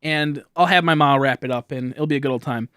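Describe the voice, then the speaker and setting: A man's voice: mid-range voice, brisk, a bit bright, clean tone, no echo, clean studio sound. A young man chatting casually with viewers on a live stream, rambling and laughing often.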